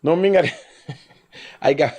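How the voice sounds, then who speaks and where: Speaking slowly in a slightly high voice, a Guyanese Creole-accented man hosts a live stream. He rambles loosely, ranting with animation and bursting into laughter.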